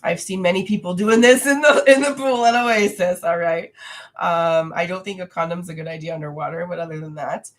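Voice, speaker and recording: A young woman with a slightly low voice, stuffy and nasal from a lingering cold. She chats frankly and casually from home while hosting a livestream, reading out viewer questions and answering them as she goes. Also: fairly quick. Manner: frank, chatty, reads viewer comments aloud. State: congested, nasal from a recent cold.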